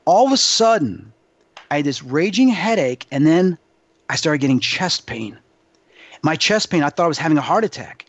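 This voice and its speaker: Animated man telling a vivid story. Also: fairly high pitch, moderate pace, husky, no echo. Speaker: psychic medium guest. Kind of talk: storytelling interview answer. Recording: dull dry lo-fi sound.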